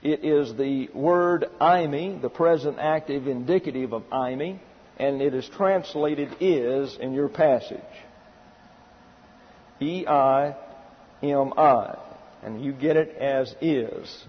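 A man's voice: mid-range voice, a little slow, slightly rough. A male preacher giving methodical, point-by-point Bible teaching in a sermon, with emphatic rhetorical questions. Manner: methodical, outlining by numbered subpoints. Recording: muffled sound with long hall reverb.

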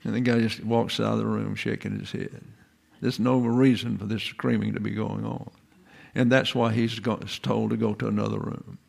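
Gravelly-voiced man lecturing. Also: fairly low pitch, level tone, moderate pace, a little mellow. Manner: folksy, digressive, asks rhetorical questions. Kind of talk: informal lecture.

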